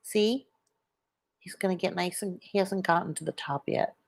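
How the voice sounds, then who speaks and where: A woman chatting casually on a live stream at home, showing her pet lizard and talking softly about it, into a plugged-in microphone. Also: fairly low pitch, steady tone, fairly quick, vocal fry. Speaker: vlogger.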